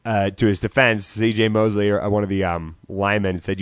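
A man's voice: fairly low pitch, fairly even intonation, a little fast, hardly any pauses, clear, resonant tone, no echo. A man co-hosting a casual podcast chat, talking loosely and profanely with many hesitations. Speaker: podcast co-host.

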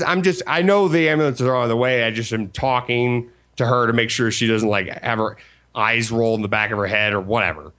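A man telling a story in casual chat, acting out quoted people in a raised voice. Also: normal speed. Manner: animated, acts out quotes in a high voice.

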